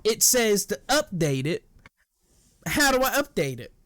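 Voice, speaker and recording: A young man co-hosting a podcast, telling a customer story in animated casual chat, laughing often. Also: sits high, measured pace, dry recording. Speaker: podcast co-host.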